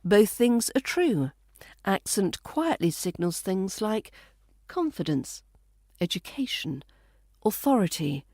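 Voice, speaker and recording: A woman with a British RP accent, hosting a scripted podcast lesson on accent training in a calm, measured, wry way. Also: mid-range voice, no echo, studio quality. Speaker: accent coach and podcast host.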